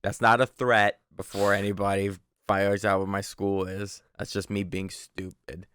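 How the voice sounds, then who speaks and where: A young man co-hosting a podcast, rambling through casual chat in an animated, sweary way. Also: fairly low pitch, normal speed, dry recording, clean studio sound. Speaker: podcast co-host. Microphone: studio microphone.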